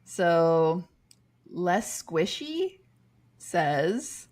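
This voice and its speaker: A woman's voice: on the low side, big pitch swings, very slow, darkish tone. A woman co-hosting a podcast, chatting casually and reading listener comments aloud, amused and laughing often. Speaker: podcast co-host.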